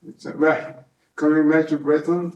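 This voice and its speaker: An older man from Brittany with a French accent, speaking English as an interviewee at his home, halting and searching for words with many fillers. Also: a little high, flat delivery, darkish tone, highs cut off. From Brittany, France. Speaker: interviewee, harpist. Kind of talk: casual interview talk. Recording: echoey room, mic at a distance.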